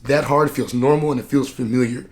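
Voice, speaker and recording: A man who works as a coach, talking candidly to camera in a vlog, earnest and reflective, and tired and low on energy. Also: steady tone, fairly quick, a little mellow. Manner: earnest, reflective, plain-spoken with many "like" fillers. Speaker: personal development coach and vlogger.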